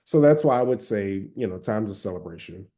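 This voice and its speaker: A man from Georgia with a Southern accent talks through advice in a loose, conversational way. His voice is very dark and mellow and sits a little low in pitch. He speaks casually, with plenty of fillers. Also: expressive, fairly quick. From Atlanta, Georgia. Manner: conversational, frequent fillers and hedges. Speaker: speaker giving recovery advice.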